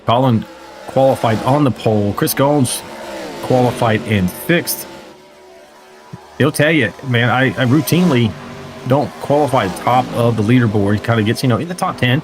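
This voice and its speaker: A mid-range male voice at a moderate pace talks over music and racing engine noise. He narrates a simulated stock car race live, keeping things casual and joking and reading viewer comments out loud as they come in.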